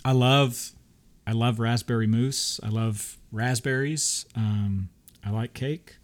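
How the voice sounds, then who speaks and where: A man's voice: mid-range voice, steady tone, slow. A man co-hosting a podcast, talking about theme park treats in an enthusiastic, chatty way and laughing often. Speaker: podcast co-host. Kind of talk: casual chat.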